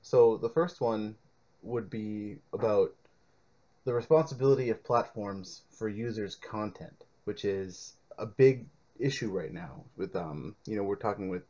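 A man's voice: on the low side, measured pace, dark tone. A man hosting a casual podcast, introducing the topic in a rambling way with many fillers. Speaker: podcast host. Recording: dull lo-fi podcast audio.

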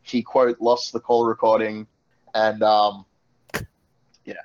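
A man telling a casual, profane story on a podcast, animated and at times shouting. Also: lowish voice, takes it slowly. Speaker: podcast panelist. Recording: dull lo-fi podcast audio.

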